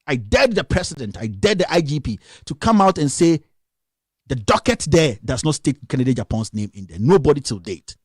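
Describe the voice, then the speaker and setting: A man's voice: fairly high pitch, very animated, a little fast, husky, dry recording. Man, Ghanaian accent, young adult, impassioned scolding rant, close dry sound. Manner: impassioned, scolding, rhetorical questions. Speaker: radio commentator. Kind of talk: political rant on a live stream.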